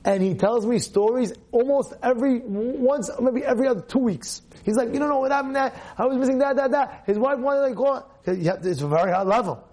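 Teaching a Torah class, a rabbi speaks in a husky voice that sits high. He's animated, firing rhetorical questions and repeating phrases to stress his points.

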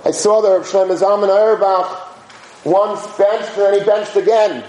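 A man's voice: sits high, steady tone, moderate pace, darkish tone. A man teaching a conversational religious lecture, telling stories in an informal, anecdotal way and dropping in Hebrew and Yiddish terms. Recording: roomy echo.

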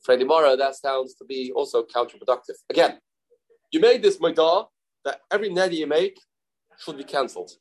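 Through poor audio, a man's higher-pitched voice can be heard teaching Talmud with halting, self-correcting speech. He explains in English, drops in Hebrew and Aramaic terms, and plays out the voices of those he quotes.

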